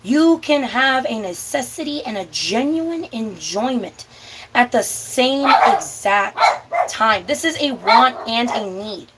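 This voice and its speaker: Cooking on camera, a young vlog host rants bluntly with plenty of cursing, now and then stretching words for effect. Her slightly high voice has lively intonation and an unhurried pace, and background noise is audible.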